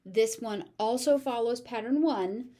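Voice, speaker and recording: A middle-aged woman with a General American accent, teaching pronunciation in a slow drill. She says each word, overpronounces its syllables, then says it again. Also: on the high side, warm tone. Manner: repeats words carefully, overpronouncing syllables.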